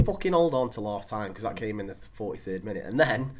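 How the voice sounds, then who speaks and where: Chatty man with low voice. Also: animated, quick pace, a little mellow. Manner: chatty, swears casually, hesitant fillers. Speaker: podcast co-host. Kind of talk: casual football podcast chat.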